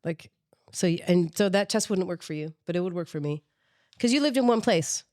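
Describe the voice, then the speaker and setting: A woman's voice: fairly low pitch, animated, darkish tone, no room sound. Chatty woman host, dry close sound. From Midwest. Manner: chatty and quick to react. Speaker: podcast host. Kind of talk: casual interview chat.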